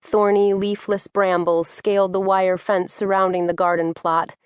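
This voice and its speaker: Brief: woman audiobook narrator, mid pitch, steady descriptive storytelling, dry. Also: normal speed, clear, resonant tone, no room sound. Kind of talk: scripted narration.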